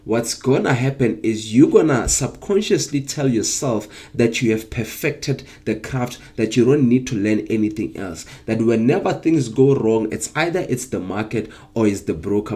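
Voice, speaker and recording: A man's voice: mid-range voice, mellow. A man teaching a live-streamed trading lesson, drawing viewers in with rhetorical questions and repeating key points. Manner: engaging, asks viewers rhetorical questions and for emoji replies. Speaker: trading coach.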